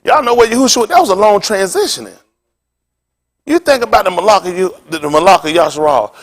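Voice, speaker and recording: Lively animated male preacher. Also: high-pitched, fast talker. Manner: animated preaching with call-and-response questions to the congregation; informal street talk in preaching. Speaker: pastor. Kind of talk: sermon.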